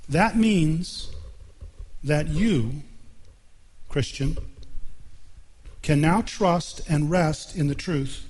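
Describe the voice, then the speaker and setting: Male pastor, mid-high voice, earnest emphatic sermon delivery. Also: drawn-out words, long pauses, a little mellow, husky. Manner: earnest preaching with emphatic repetition. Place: church.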